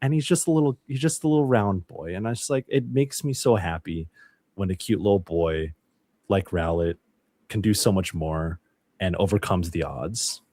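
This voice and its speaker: A man's voice: low-pitched, expressive, moderate pace, mellow, no room sound. A man, a podcast guest, chatting casually and telling a rambling story with plenty of swearing. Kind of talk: casual chat.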